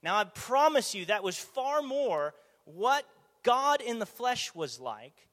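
High-voiced man preaching in a reverberant hall. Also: takes it slowly. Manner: animated, asks the audience rhetorical questions. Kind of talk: conversational sermon.

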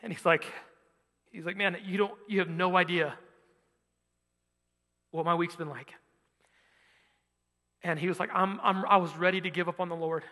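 A young man preaching, telling a personal story with animated energy and rising volume as he drives to his point. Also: high-pitched, normal speed, pauses often. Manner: animated storytelling, loud when quoting himself. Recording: long hall reverb.

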